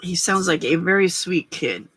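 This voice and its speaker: A woman's voice: on the low side, animated, moderate pace, fairly bright tone, breathy edge. An older woman hosting a casual late-night crafting livestream, chatting to viewers and getting emotional over their kindness. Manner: chatty, emotional, reacting to chat. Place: small home craft room.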